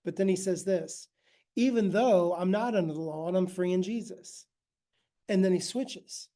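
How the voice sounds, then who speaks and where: A man's voice: high-pitched, normal speed, mellow. A man giving a casual, conversational ministry talk, often checking in with his listeners. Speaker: ministry teacher.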